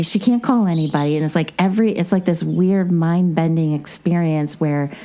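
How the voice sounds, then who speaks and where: A woman with a low, mellow voice chats casually as a podcast host. She rambles through a story with plenty of asides. Faint noise sits under her voice. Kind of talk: casual movie recap chat.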